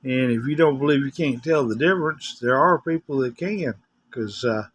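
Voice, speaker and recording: A man's voice: medium pitch, moderate pace, fairly bright tone, slight background noise. An older man with a West Tennessee accent, chatting casually in a rambling, folksy vlog. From West Tennessee, USA. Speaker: vlogger. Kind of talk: casual chat.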